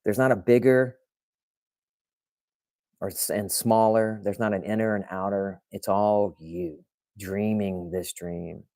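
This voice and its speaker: A man's voice: fairly low pitch, steady tone, slow pace, pauses often, a little mellow, no echo. Dry-sounding casual male podcast host. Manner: conversational, talks straight to chat, restarts often. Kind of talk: casual livestream talk to viewers.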